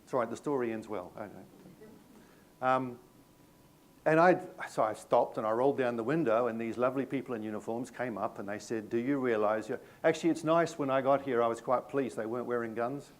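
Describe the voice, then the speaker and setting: A middle-aged presenter with a New Zealand accent leads a live staff training session, chatting with the audience at a medium pitch and a fairly quick pace. He keeps things conversational, telling anecdotes with self-mocking humour.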